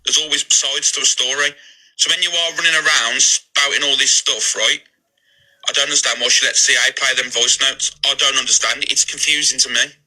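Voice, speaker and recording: A man's voice: medium pitch, fairly even intonation, fairly quick, bright, forceful tone, rough recording. A man ranting defensively on a live stream, agitated and swearing often. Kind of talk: heated live-stream rant.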